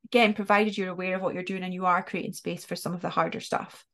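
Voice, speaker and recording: A woman's voice: on the low side, fairly even intonation, fast talker, a bit bright. A woman co-hosting a coaching podcast, talking in a reflective, thoughtful way with frequent restarts. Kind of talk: casual podcast chat.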